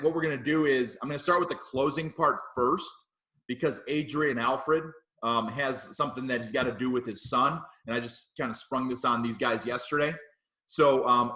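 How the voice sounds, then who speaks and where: Bright-voiced man leading a team call. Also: medium pitch, reverberant. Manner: brisk, praising, introduces the speaker. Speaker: agency leader running a team meeting. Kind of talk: virtual team meeting. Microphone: video call.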